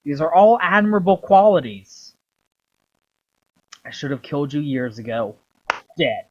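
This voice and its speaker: A man's voice: fairly high pitch, normal speed, husky. A man voicing a scornful, swearing middle-aged Templar father, on a dull lo-fi recording. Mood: grudging. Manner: contemptuous, swearing.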